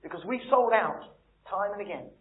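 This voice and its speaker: A man preaching a sermon, blunt and emphatic, swinging between quiet and loud. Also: sits high, expressive, moderate pace. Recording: echoey room over a tinny, phone-like line.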